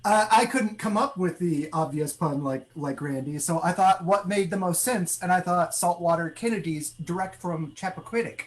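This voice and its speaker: A man's voice: high-pitched, moderate pace, few pauses, low-quality recording. A man on a comedy game panel, answering with dry, wry jokes. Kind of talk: joking game show answer.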